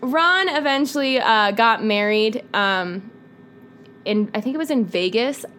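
A young woman hosts a loose true-crime chat, her voice pitched a bit high. She talks at an unhurried, drawn-out pace, swearing casually and breaking into laughter at her own asides. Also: lively intonation, fairly bright tone. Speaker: podcast host.

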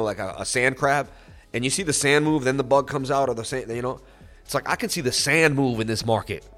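A man of ordinary pitch hosts a trading livestream, talking loosely and emotionally. His nose is stuffy from crying, and he turns salesy and boastful. Soft music plays faintly underneath. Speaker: crypto trading livestream host. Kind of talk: emotional, rambling live-stream talk.

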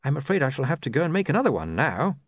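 A man's voice: on the high side, sing-song, very fast, husky, dry recording, voice pushed up, heavily acted. A man voicing an earnest, flustered young writer who talks politely and hesitantly. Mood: explaining.

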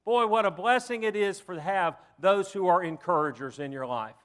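High-voiced man preaching. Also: normal speed, a bit bright. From Southern United States. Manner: folksy and humorous, with dramatic storytelling. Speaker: pastor. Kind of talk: sermon.

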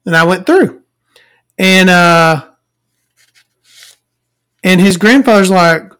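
Smooth-voiced and unhurried, a woman pauses often as she rants in exasperation through a rambling story. She swears heavily, shifting between loud outbursts and quiet mutters.

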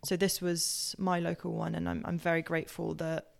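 A woman with a posh southern English accent hosts her podcast and tells personal stories. Her voice sits a little low and has a strong vocal fry. She rambles along with plenty of fillers and self-corrections. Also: monotone, normal speed. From Southampton, England. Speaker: podcast host. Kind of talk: casual personal storytelling.

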